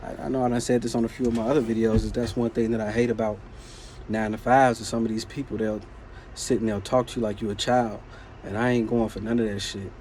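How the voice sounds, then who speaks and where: A man with a warm, mellow voice recounts a story in a loose, animated, slangy manner. He talks the way a vlogger talks to his camera, with faint noise in the background. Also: lowish voice, fast. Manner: animated, slangy retelling of a work conflict. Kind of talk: casual storytelling.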